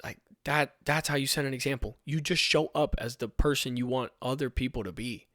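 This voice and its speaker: A man's voice: mid-range voice, brisk, a bit bright, dry recording, studio quality. A young man hosting a podcast about his fire recruit training, giving an earnest, emphatic motivational talk that repeats rallying commands.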